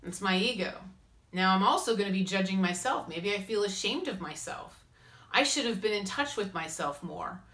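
A woman hosting a spiritual advice talk, speaking in a lively way and acting out inner voices and quotes. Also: mid-range voice, moderate pace. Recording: roomy echo.

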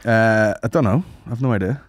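A man's voice: fairly low pitch, brisk, no room sound, studio quality. A young adult man co-hosting a podcast, rambling and swearing a lot in casual chat. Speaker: podcast co-host.

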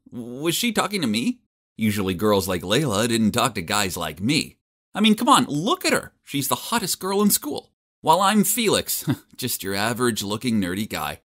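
A man's voice: medium pitch, sing-song, normal speed, a bit bright. A young man narrating a story in the first person, wry and self-mocking.

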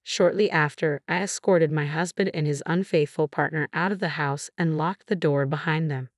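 A woman narrates a first-person family drama in a low voice. Her delivery stays steady and even throughout. The recording is close and dry, with no room sound. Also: moderate pace, no echo.

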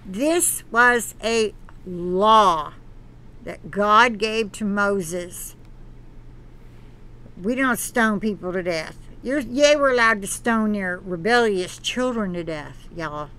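With a mid-range, animated, slightly bright voice, the channel host reads an article and interrupts it with earnest, preachy commentary. Her delivery is halting, full of restarts.

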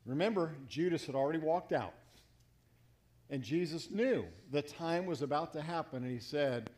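Pastor guy preaching, folksy joking stories, voice a bit on the high side. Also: animated, normal speed, a little mellow. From South Florida. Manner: folksy storytelling with humor and playful voice inflections. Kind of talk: sermon. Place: church sanctuary.

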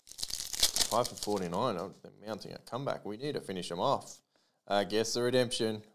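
A man's voice: on the low side, moderate pace, background noise. A man hosting a live trading card break, calling out player names and serial numbers with chatty asides to his viewers.

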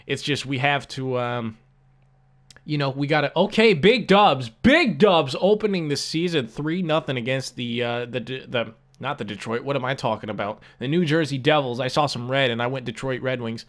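A man's voice: medium pitch, moderate pace. A young man giving casual gameplay commentary as a gaming YouTuber, frustrated and swearing, repeating himself with lots of fillers.

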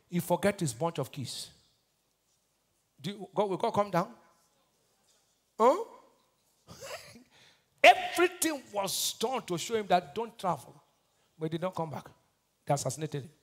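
A Nigerian pastor preaching a sermon, asking the congregation to finish his lines and swinging between shouted bursts and quiet asides. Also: high voice. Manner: call-and-response preaching, asks the crowd to finish his lines.

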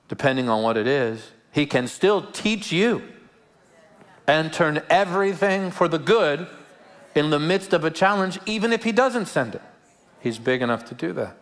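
A man's voice: a little high, fairly bright tone. A man preaches in church with a slightly raised voice. His delivery is earnest and searching, often repeating a word before landing the point. Light humorous asides break up the sermon. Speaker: pastor. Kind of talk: live sermon. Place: church service before a congregation.

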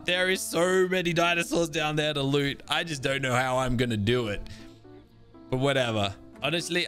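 A young man giving casual running commentary on a survival game, reacting excitedly with sudden exclamations. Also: a little high. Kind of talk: casual let's-play commentary.

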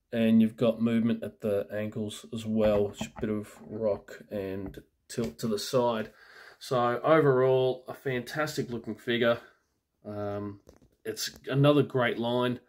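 A man talks through an action figure in a loose, chatty way, stopping for fillers and restarting sentences. His voice sits at an ordinary mid pitch for a man. The sound is that of a phone camera held close. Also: darkish tone. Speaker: toy reviewer. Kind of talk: casual toy review.

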